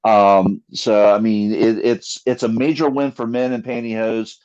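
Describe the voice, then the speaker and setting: A man co-hosting a casual podcast, animated and joking, with lots of fillers. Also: fairly low pitch, measured pace, smooth. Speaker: podcast co-host. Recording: slightly dull lo-fi mic.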